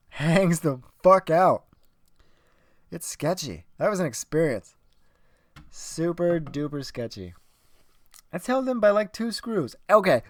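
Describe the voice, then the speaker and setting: A young man with a voice on the high side hosts a solo podcast, rambling, swearing, and arguing with himself. The sound is clean studio audio with no echo.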